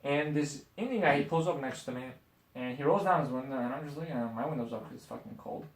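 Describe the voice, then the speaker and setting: A man's voice: medium pitch, quick pace. A man in his forties co-hosting a casual podcast, telling stories in a brash, profane way and laughing at his own jokes. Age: 40s. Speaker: podcast co-host. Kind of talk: casual chat. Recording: roomy sound from a distant mic.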